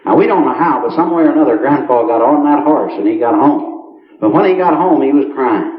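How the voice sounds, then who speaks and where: A man's voice: mid-range voice, expressive, a little fast. A man telling folksy country jokes on stage, chuckling as he spins his yarns. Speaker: country humorist. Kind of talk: stand-up storytelling. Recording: roomy, muffled late-1970s live recording.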